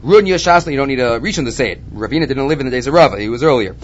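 A man teaching a Talmud lesson, animated and repeating his key points. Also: medium pitch, racing. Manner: animated, repeats key points, mixes Hebrew and Aramaic terms. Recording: dull lo-fi recording with faint background noise.

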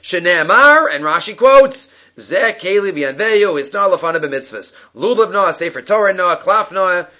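A man's voice: sits high, lively intonation, moderate pace, hardly any pauses, pushed and bright, highs cut off. A man teaching a daily Talmud class, working through the text line by line and thinking aloud as he explains.

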